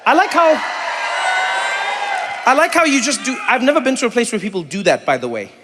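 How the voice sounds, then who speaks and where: A man in his thirties with a South African accent doing stand-up crowd work, animated and breaking into loud high impressions. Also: a little fast. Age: 30s. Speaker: stand-up comedian. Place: large theater stage. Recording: live hall with faint crowd noise.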